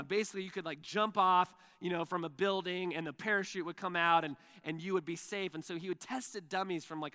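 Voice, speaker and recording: A pastor delivers a sermon with a high, bright voice. He tells stories in a loose, animated way, full of fillers, and acts out what people said. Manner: animated storytelling with fillers and acted-out quotes.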